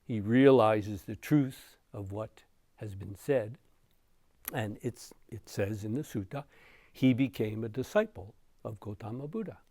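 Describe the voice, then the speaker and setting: A man giving a dharma talk as a meditation teacher, telling a story in an unhurried way with soft chuckles. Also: lowish voice, no room sound.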